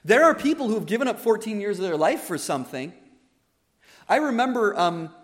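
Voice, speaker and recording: A man's voice: sits high, very animated, fairly quick, fairly bright tone. A man preaching a wedding sermon as the officiating minister, earnest and emphatic, often repeating his key phrases. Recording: long hall reverb.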